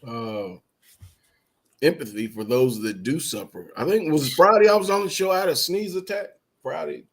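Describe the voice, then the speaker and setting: A man co-hosting a podcast, talking casually in a relaxed way that halts and restarts. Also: fairly high pitch. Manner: laid-back, halting with restarts. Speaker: podcast co-host. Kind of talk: casual chat. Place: podcast studio.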